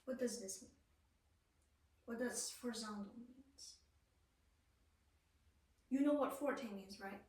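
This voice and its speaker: A woman's voice: on the high side, slow pace, long pauses, a little mellow, slight background noise. A woman teaching a one-on-one piano lesson, patiently asking her student questions and checking they follow. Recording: roomy, from a distance. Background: piano playing.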